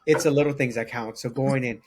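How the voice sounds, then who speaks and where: A man hosting a podcast, asking interview questions in a slow, reflective way. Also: mid-range voice, steady tone, a little hiss or hum. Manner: reflective, slow, searching phrasing. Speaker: podcast host.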